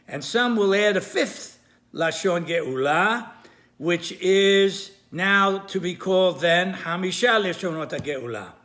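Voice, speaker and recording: A man giving a recorded lesson, explaining carefully with repetition, pauses and small self-corrections. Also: high voice, a bit bright. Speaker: Torah teacher. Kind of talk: recorded lesson on Hebrew grammar.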